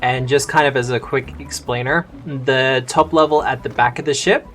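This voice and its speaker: A man running a tabletop game as game master, calmly walking players through the rules with plenty of fillers. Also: mid-range voice, moderate pace, faint music behind. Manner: easygoing, explains rules step by step with fillers.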